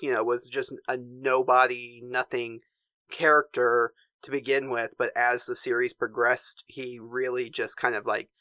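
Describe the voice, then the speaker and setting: A man co-hosting a podcast in casual chat, animated and laughing often. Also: medium pitch, no room sound. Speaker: podcast co-host.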